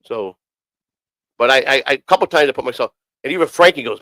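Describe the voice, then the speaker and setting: A man's voice: medium pitch, quick pace, long pauses, pushed and bright, dry recording, poor audio. A man casually telling rambling, profanity-heavy stories on a streamed talk show, often repeating himself. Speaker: podcast host. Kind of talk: casual storytelling.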